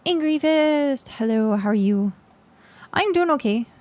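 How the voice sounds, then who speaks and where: A woman's voice: sits high, lively intonation, a little slow, darkish tone. A woman game streamer chatting casually with her viewers, tired and congested, with lots of fillers. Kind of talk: casual live-stream chat.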